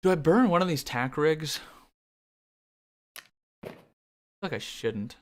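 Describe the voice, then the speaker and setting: A man's voice: a little high, animated, slow. A young Canadian man chatting casually and swearing freely while streaming a game, laughing now and then. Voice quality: casual, profane, laughs often. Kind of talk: casual gaming stream chat.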